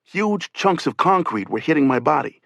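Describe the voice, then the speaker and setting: A man giving a measured, grave first-person reading for an audiobook. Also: fairly high pitch, big pitch swings, gravelly, a bit bright, no room sound, studio quality. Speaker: audiobook reader.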